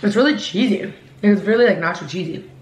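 A bubbly woman in her twenties hosts a casual mukbang food vlog, speaking a little fast at medium pitch and laughing often. The room is echoey with faint background noise.

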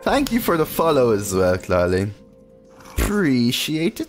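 A male streamer talks through a digital card game in a relaxed, chatty way, his pitch bouncing up and down as he reacts. He answers his chat aloud between turns, with faint music running under his voice. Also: measured pace.

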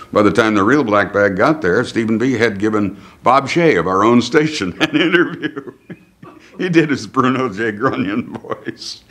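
A man's voice: fairly low pitch, a bit bright. An older man being interviewed, telling anecdotes with amused chuckles. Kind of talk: reminiscing interview.

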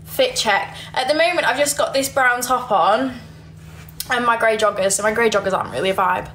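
Brief: giggly young Yorkshire woman, a bit high, phone livestream, faint noise. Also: a little fast, fairly bright tone. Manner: chatty, giggly, reads comments aloud. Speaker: livestreamer reading viewer comments. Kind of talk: casual livestream chat.

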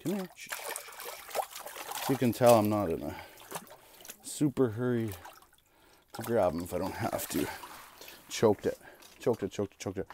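A man giving excitable live commentary while ice fishing from a shelter on a frozen lake, with bursts of cheering and repeated exclamations. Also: sits low, a little hiss or hum. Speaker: fishing vlogger.

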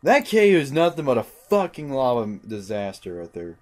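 This let's play commentary comes from a young gaming channel host who's frustrated, muttering, and swearing constantly as he plays. His medium-pitched voice is very animated and a little mellow, at a normal speed.

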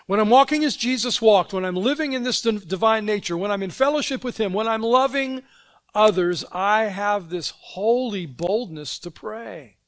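High-voiced man preaching a sermon. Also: moderate pace. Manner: conversational, asks the congregation questions and answers them. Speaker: pastor. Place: church sanctuary.

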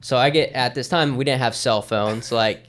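A man's voice: mid-range voice, moderate pace, fairly bright tone, slight background noise. A man in his thirties, a podcast guest, telling stories in an easygoing, rambling way with lots of fillers. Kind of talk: casual storytelling in conversation.

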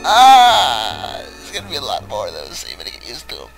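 A young man giving loud, profane let's play commentary with frequent laughing outbursts. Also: fairly low pitch, huge pitch swings, normal speed, vocal fry, over music. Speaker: let's player.

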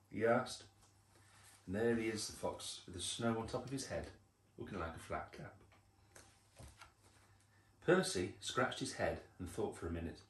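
An older man reading a picture book aloud to children, unhurried, with chatty asides about the pictures. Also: lowish voice, animated. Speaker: storyteller. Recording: roomy echo.

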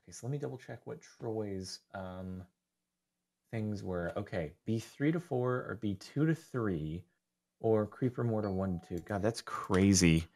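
In an unhurried, lowish voice, a man co-hosting a casual gaming chat plays a multiplayer strategy game with a friend. His banter is relaxed, dry and sarcastic.

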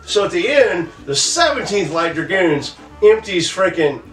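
A man's voice: sits high, very animated, a little slow, a bit bright, distant mic. A man co-hosting a history podcast, chiming in with profane jokes in casual banter. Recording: echoey room, off-mic, faint music.

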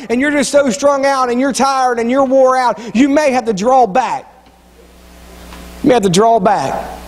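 A man preaching a sermon as pastor, telling folksy stories and repeating phrases for emphasis. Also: very high-pitched. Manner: folksy storytelling preacher, repeats phrases, drops into quoted voices. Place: church sanctuary. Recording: long church reverb.

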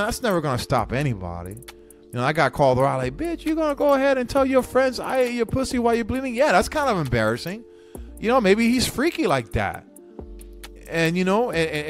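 A man's voice: on the high side, fairly bright tone. A young man hosting a podcast, telling a candid, profane story with many restarts. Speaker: podcast host. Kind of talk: casual storytelling monologue.

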